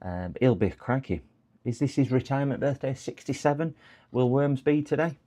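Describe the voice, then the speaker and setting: A man's voice: medium pitch, moderate pace, dark tone. A man chatting casually on a live stream while repairing electronics. He rambles, chuckles often and talks to his chat.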